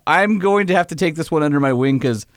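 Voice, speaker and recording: A man co-hosting a podcast in casual chat, an animated storyteller who acts out the quotes, his voice a little strained. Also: on the high side, a little fast, dry recording, studio quality. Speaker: podcast co-host.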